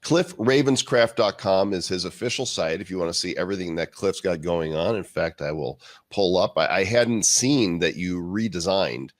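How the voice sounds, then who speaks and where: Low-voiced male live show host. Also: normal speed, no room sound, clean studio sound.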